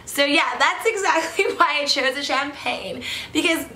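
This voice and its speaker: A woman's voice: sits high, measured pace, bright, forceful tone. Giddy young woman rambling in an echoey room. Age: 20s. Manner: giddy, rambling, lots of "like" and laughter. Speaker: wine review vlogger. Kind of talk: casual vlog chat. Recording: echoey room with faint background noise.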